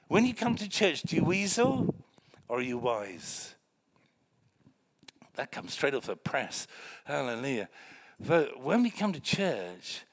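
An older man preaching a lively, joking sermon in a church meeting room, swinging between loud exclamations and hushed remarks. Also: on the high side.

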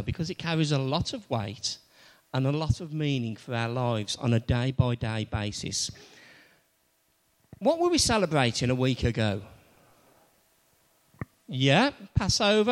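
A man preaching a sermon, playfully quizzing the congregation and drawing them in before his message. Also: on the high side. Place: church. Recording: long church reverb.

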